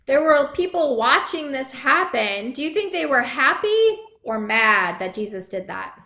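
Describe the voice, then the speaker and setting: A woman's voice: sits high, big pitch swings, unhurried, bright, forceful tone. A woman pastor giving a children's message, asking the children friendly questions. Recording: echoey room.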